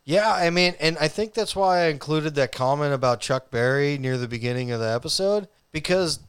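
A man co-hosting a podcast in relaxed, agreeable casual chat. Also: on the high side, a little fast, clear, resonant tone. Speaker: podcast co-host.

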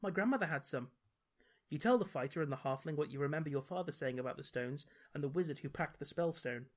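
A man's voice: a little high, quick pace. A man reading a gamebook aloud as podcast host, dropping dry, wry asides. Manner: dry, wry commentary between read passages.

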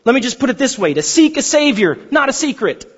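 A man preaching a sermon, animated and storytelling, sometimes acting out characters. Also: extremely high pitch, brisk, husky. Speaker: pastor. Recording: dull sound in a reverberant hall.

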